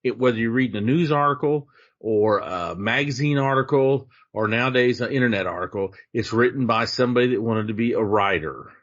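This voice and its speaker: A man with a bright, forceful voice co-hosts a casual podcast, rambling through opinionated, conspiratorial rants. The sound is muffled and lo-fi. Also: mid-range voice, a little fast. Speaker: podcast co-host.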